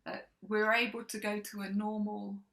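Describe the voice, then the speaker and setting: Woman, co-host; bright, giggly storyteller who trails off and restarts. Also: medium pitch, little pitch movement, moderate pace, creaky, low-quality recording. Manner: laughs often, trails off and restarts. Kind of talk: casual chat.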